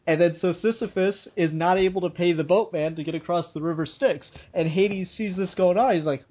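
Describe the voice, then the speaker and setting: A man's voice: high voice, brisk, few pauses. A man co-hosting a casual chat, retelling a myth in a rambling, profane way and laughing as he goes. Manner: rambling, profane, laughs while telling a story. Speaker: podcast co-host. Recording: dull lo-fi sound.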